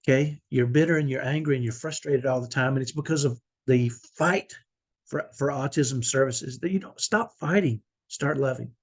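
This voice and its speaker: A man's voice: mid-range voice, moderate pace, husky. A middle-aged man talking earnestly to camera in a personal vlog, confessional and emotional, with many restarts. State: emotional, near tears. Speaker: vlogger, autism parent.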